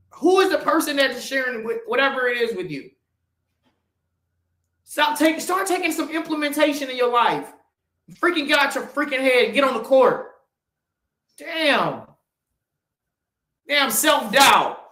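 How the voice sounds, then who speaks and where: A man's voice: animated, normal speed. Blunt, profane man preaching in an echoey room. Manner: blunt, profane, preachy, swings from loud to low. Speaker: podcast host. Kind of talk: motivational monologue.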